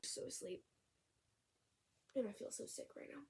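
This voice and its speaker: A woman's voice: normal speed, over loud music. A woman chatting casually to camera in her bedroom as a book vlogger, upbeat and often laughing. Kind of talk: casual vlog chat to camera.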